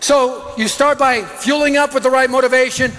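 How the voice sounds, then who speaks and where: A man's voice: very high voice, steady tone, normal speed, a bit bright. A middle-aged man preaching a sermon, telling stories with energy and punchy lists. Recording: long reverb of a large hall.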